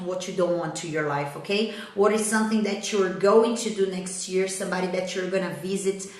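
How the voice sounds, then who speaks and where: A woman's voice: mid-range voice, a bit bright. A woman from Brazil with a Brazilian Portuguese accent, giving a motivational English lesson on a live stream and checking in with her audience often. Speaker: English teacher. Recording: very echoey room.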